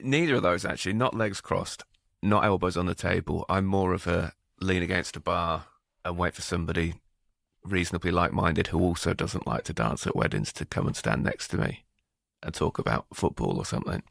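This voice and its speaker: A man with a very low, gravelly voice chats in a relaxed, dry, self-deprecating way. The sound is close and dry, with no room around it. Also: brisk, no room sound. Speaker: podcast co-host. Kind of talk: relaxed casual chat.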